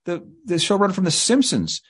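A man's voice: high-pitched, sing-song, brisk, slightly rough. Rambling male guest telling anecdotes. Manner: rambling anecdotes with quoted voices. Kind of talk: anecdotal storytelling in an interview.

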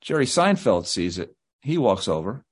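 A man's voice: fairly low pitch, big pitch swings, normal speed, husky. A male guest author telling rambling anecdotes in an interview, slipping into quoted voices.

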